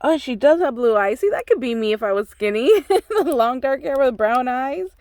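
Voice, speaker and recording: A woman's voice: high-pitched, lively intonation, normal speed, a little mellow, no echo. A woman hosting a craft channel, opening a swap package and gushing over every piece with constant exclamations. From United States. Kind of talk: excited unboxing chat.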